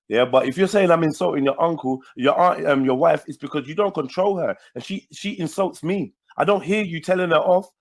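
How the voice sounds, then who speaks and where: A man from Nigeria arguing forcefully on a livestream, repeating words and cutting in. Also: on the high side, a little fast, few pauses. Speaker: livestream host. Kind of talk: heated livestream argument.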